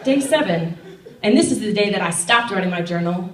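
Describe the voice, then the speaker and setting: Deadpan young woman comic, roomy and distant. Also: medium pitch, normal speed, some chatter behind. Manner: deadpan storytelling with loud bursts of acted quotes. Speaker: stand-up comedian. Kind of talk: stand-up set. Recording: roomy sound from a distant mic.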